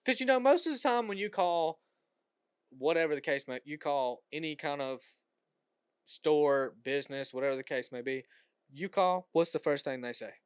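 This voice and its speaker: A man's voice: on the high side, lively intonation, moderate pace, smooth, dry recording, studio quality. A young man co-hosting a podcast in casual chat, teasing and emphatic. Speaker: podcast co-host.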